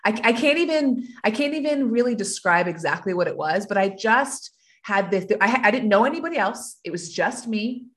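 Calm motivational woman coach. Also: a little high, normal speed. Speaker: coach and podcast guest. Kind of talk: casual interview chat.

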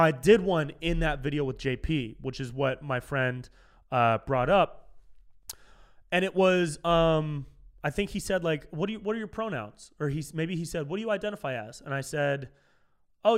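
A man's voice: a little high, smooth. A young man hosting a solo comedy podcast, talking casually and swearing, who often gets heated.

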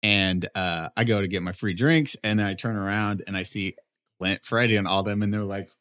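A man in his thirties with a fairly low voice tells a story in relaxed conversation. He gets animated and throws his voice higher to act out other people's lines. He swears casually and laughs easily. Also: moderate pace. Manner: animated, acts out quotes in a raised voice, swears, laughs often. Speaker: podcast co-host telling a story.

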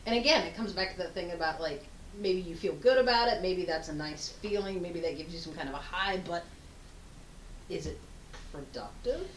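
A woman co-hosting a podcast in casual chat, animated and emphatic, swearing casually. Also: fairly low pitch, moderate pace. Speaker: podcast co-host. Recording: roomy sound with faint background hum.

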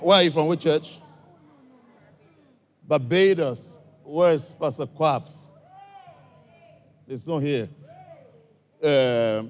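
A man with an African accent addressing a church gathering, questioning listeners directly in a coaxing way. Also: on the high side. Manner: coaxing, direct, asks the audience many questions.

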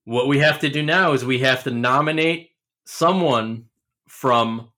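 Bright-voiced man hosting a chat. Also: medium pitch, measured pace. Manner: joking, mock-dramatic ribbing. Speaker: podcast host. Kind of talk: casual chat.

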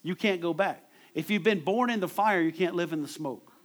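A man's voice: high voice, fairly quick. A man preaching a sermon in a conversational way, repeating words as he drives home his points.

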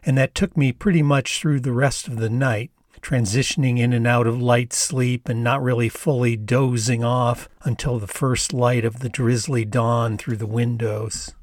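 A man's voice: mid-range voice, steady tone, dry recording, clean studio sound. Older man reading his memoir. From United States. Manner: measured, reflective storytelling. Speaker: author and narrator. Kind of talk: memoir narration read aloud.

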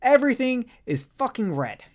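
A podcast co-host in a casual film review chat, talking in an animated, profane and rambling way. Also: medium pitch, normal speed.

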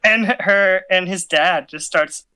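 A man's voice: high voice, slow pace, pushed and bright, clear, resonant tone. A man in casual chat, telling a story animatedly with many fillers and restarts.

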